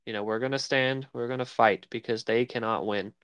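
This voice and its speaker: A man's voice: mid-range voice, fairly even intonation, a little fast, fairly bright tone, clean tone, no room sound. A man co-hosting a casual film podcast, rambling and searching for words as he talks. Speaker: podcast co-host. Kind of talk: casual chat about film.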